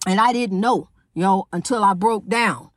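A woman's voice: medium pitch, a little slow, dry recording, clean studio sound. A woman in her fifties hosting a podcast, delivering a casual, preachy monologue full of repetition and calling the listener honey. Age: 50s. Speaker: podcast host.

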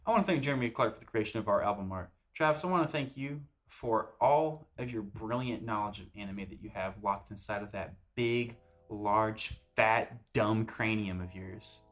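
A man's voice: fairly low pitch, normal speed, fairly bright tone. A young man co-hosting a casual podcast, goofy and teasing as he talks. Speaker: podcast co-host. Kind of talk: casual chat.

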